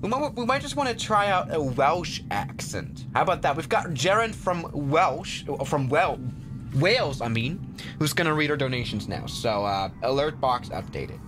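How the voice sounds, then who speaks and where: A man's voice: fairly high pitch, very animated, moderate pace, over music. A man streaming a flight sim, chatting casually to viewers in a rambling way full of fillers and restarts. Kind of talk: casual live gameplay commentary.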